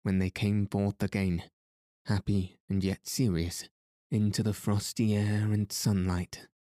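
A man narrating a book chapter in a measured, even reading. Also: lowish voice, dry recording, clean studio sound. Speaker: audiobook narrator. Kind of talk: scripted narration.

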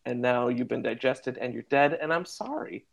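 Host, gravelly voice, mid pitch, lively and playful. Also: moderate pace. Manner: playful, teasing storyteller. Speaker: podcast host. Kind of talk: casual chat.

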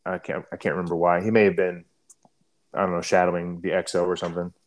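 Young adult man, lowish voice, casual profane storyteller, throat-clearing habit. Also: flat delivery, quick pace. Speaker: guest telling a war story.

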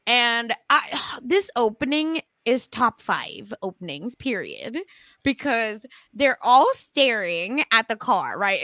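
A woman chats casually as a podcast co-host, her voice set a little high with a bright, forceful edge. She talks in a lively way and often slips into other people's voices. The sound is dry and close. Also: dry recording. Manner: lively, acts out quotes from others.

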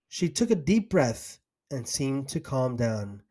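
A man's voice: mid-range voice, big pitch swings, slow pace, warm tone. A man hosting a podcast, earnestly recounting his own story in the first person. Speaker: podcast host.

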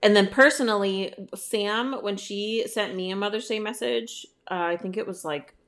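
A woman co-hosting a casual chat in a relaxed way, reading listener messages aloud. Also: mid-range voice, normal speed. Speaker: podcast co-host, stepmom.

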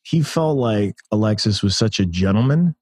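A man in his thirties from the United States, a podcast guest telling stories in a rambling, animated way and laughing often. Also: on the low side, moderate pace, no echo, clean studio sound. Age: 30s. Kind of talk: casual interview chat.

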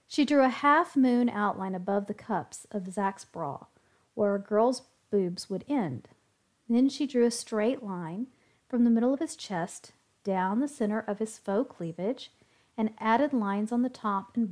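A woman reads a story aloud as the narrator. Her voice is mid-pitched and steady, keeping an even pace. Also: a little slow. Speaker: story reader.

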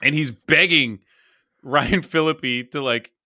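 A man's voice: medium pitch, takes it slowly, pushed and bright, no room sound, studio quality. A man co-hosting a casual podcast, blunt and rambling, swearing often. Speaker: podcast co-host. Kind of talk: casual chat, movie review.

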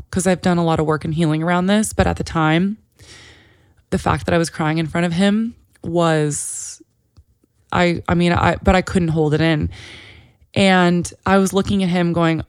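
A woman's voice: on the low side, smooth, no room sound, clean studio sound. A woman in her thirties hosting a podcast, telling a personal story in a chatty, emotionally open way, full of "like" fillers. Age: 30s. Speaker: podcast host.

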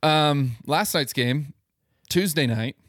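A man's voice: a little high, a bit bright, dry recording, studio quality. A man co-hosting a casual sports podcast, running through game recaps and awards with frequent ums. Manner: recaps games in quick bursts with ums. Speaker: podcast co-host.

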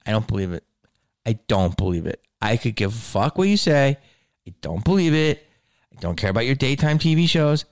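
A man's voice: mid-range voice, sing-song, a little fast, no room sound, studio quality. A man doing a profane, emphatic stand-up rant about his schooling and distrust. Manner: profane, emphatic, rising to shouted rants.

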